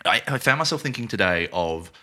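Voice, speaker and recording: Deep, forceful man reviewing a film. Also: expressive, a little fast. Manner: critical, quotes scenes in put-on voices. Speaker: podcast co-host. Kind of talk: casual film review chat.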